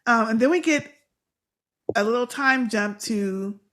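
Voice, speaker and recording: A woman's voice: a little high, unhurried, fairly bright tone. A woman hosting a casual fan podcast, chatting animatedly and acting out characters' lines. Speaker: podcast host.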